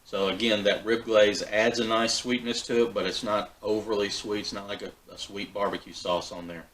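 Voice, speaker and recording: A man hosting a backyard barbecue vlog, talking in a relaxed, folksy way with fillers and restarts. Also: on the low side, normal speed, slight background noise, low-quality recording. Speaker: backyard BBQ channel host. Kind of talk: casual cooking vlog.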